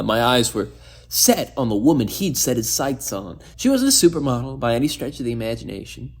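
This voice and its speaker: A man narrating his own story and speaking as himself, with sardonic, wisecracking delivery. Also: medium pitch.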